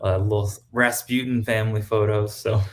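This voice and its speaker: A man with a fairly low voice chats casually as a podcast guest. He rambles cheerfully, with plenty of "like" and "um", and laughs often. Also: little pitch movement, moderate pace. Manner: chatty, laughs often, many fillers. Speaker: guest cosplayer.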